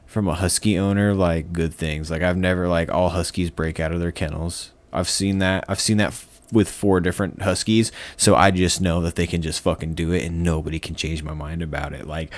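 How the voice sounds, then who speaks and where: Man with a very low voice, casual podcast chat, profane and rambling, dry close sound. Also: brisk, few pauses, no room sound. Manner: profane, rambling, animated storytelling. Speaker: podcast guest.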